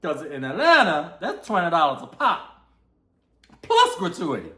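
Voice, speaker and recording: A man's voice: fairly high pitch, huge pitch swings, a little slow, sharp tone. A young man vlogging a candid personal story, heartfelt and acting out the dialogue he quotes. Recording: roomy echo.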